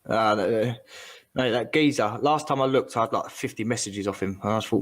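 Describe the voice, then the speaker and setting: A man's voice: mid-range voice, fairly quick. A man ranting in casual chat, rambling and swearing as he gets heated.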